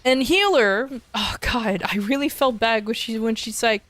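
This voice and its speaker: A woman streamer casually telling a story to her viewers, animated, often restarting and repeating words. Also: on the high side, unhurried. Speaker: VTuber streamer.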